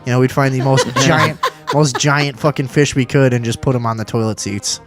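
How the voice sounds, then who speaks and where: A man's voice: medium pitch, steady tone, brisk, soft background music. Profane ranting man hosting a talk show. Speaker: podcast host. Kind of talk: casual live talk show.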